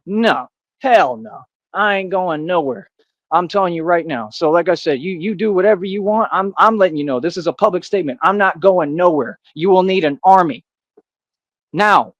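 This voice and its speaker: An American man delivers a defiant rant, boastful and confrontational, circling back to the same points again and again. His voice sits a little high for a man. The sound is dry and close, with no room around it. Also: fairly bright tone, dry recording. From United States. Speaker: self-styled vigilante. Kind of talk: ranting monologue to camera.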